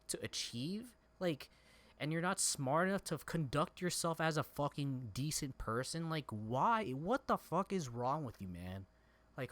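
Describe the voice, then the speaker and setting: A man's voice: a little high, fairly bright tone. A man streaming a game and giving a heated, profane, repetitive personal rant. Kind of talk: angry personal rant over gameplay.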